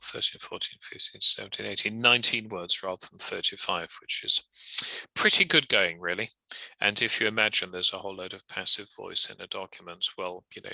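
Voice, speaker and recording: A man teaching grammar and punctuation in a relaxed lecture, with a chatty manner and casual asides. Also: lowish voice, vocal fry, dry recording, low-quality recording. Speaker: legal writing trainer. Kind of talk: instructional lecture.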